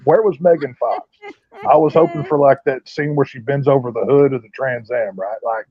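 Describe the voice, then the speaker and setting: A man's voice: medium pitch, normal speed. A man, co-hosting a casual podcast chat with brash, crude joking. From Texas. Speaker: podcast co-host. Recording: dull lo-fi audio.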